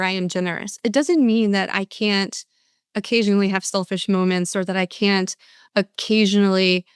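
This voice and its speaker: An older woman speaks in an earnest motivational talk, her voice smooth and clear. The sound is dry and close, with no room around it. She restarts phrases and plays out answers from her audiences. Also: medium pitch, no echo. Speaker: speaker and coach.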